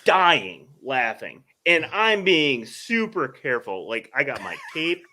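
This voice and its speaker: A man's voice: mid-range voice, slow pace. A young man co-hosting a podcast, telling a story in casual, profane chat and laughing as it builds. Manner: animated storyteller, swears freely, laughs through the story. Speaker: podcast co-host.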